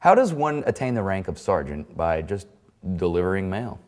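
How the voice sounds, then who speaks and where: Male interviewer, deadpan mock-interview questioner, low voice. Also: moderate pace.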